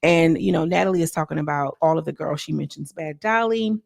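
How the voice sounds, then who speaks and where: A woman's voice: deep voice, fairly quick, vocal fry, a little mellow, no room sound, studio quality. A woman recapping a reality show in casual chat, acting out quotes with slang. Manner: chatty, acts out quotes with slang.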